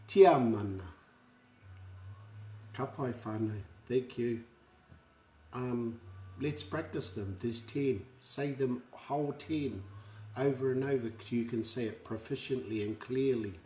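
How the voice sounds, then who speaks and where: A man's voice: medium pitch, measured pace, dark tone, echoey room, slight background noise. A man with a New Zealand accent teaching pronunciation in an online lesson, patiently repeating each word for learners to say after him. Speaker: language teacher.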